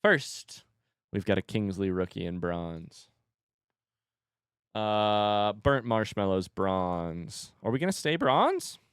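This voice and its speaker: A man streaming from home, chatting casually and telling an animated story between laughs. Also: lowish voice, clear, resonant tone, dry recording, studio quality. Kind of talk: casual chat. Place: home room with a standing desk.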